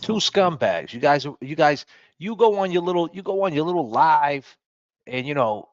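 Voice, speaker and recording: A man's voice: fairly high pitch, lively intonation, normal speed, no room sound, dull audio. A man hosting a podcast, ranting at critics in a combative, profane, mocking way. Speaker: podcast host. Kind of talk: ranting talk-show monologue.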